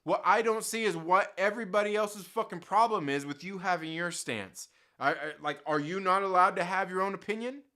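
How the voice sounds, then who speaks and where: A man's voice: high-pitched, a little fast, bright, forceful tone. A man hosting his own channel, delivering a heated, profanity-laden rant straight to his viewers and mocking other people's views. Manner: heated, swears constantly, mocks others in put-on quotes. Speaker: YouTube channel host. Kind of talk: profane unscripted rant to camera.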